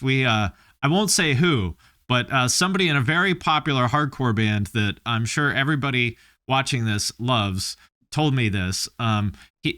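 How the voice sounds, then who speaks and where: A man hosting a podcast, chatting in a laid-back, wry way, with his asides dropping low and quiet. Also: dry recording, clean studio sound. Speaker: podcast host. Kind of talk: casual podcast chat.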